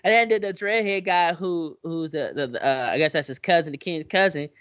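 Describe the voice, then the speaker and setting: A woman's voice: low voice, fairly quick. A woman co-hosting a casual podcast, acting out what characters say, swearing freely and laughing often as she tells the story. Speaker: podcast co-host. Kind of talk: casual chat.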